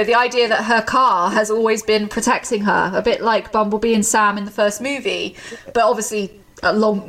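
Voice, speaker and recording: A woman's voice: fairly high pitch, fairly bright tone, far from the mic. Chatty woman, a bit off mic. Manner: enthusiastic, quick asides, laughs often. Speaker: podcast co-host. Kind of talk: casual chat about films.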